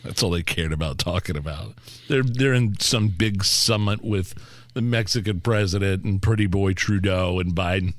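A man's voice: low-pitched, normal speed, no echo. A man co-hosting a political talk show, sarcastic and exasperated, often stumbling and repeating words. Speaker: co-host.

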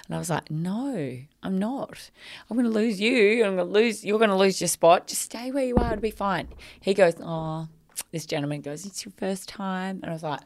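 A woman, a podcast co-host, telling a story in casual chat, animated and acting out quotes. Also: on the low side, normal speed. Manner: animated, acts out quotes, swears freely.

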